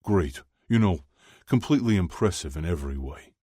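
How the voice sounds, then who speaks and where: A man's voice: deep voice, lively intonation, moderate pace, mellow, no echo, studio quality. A man voicing a modest young man who brushes things off with wry self-mockery.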